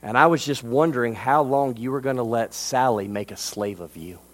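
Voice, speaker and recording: A man voicing a gentle, forgiving grandmother in a sermon story, speaking softly and tenderly. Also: mid-range voice, normal speed, pitched below the performer's own voice, close to an everyday voice.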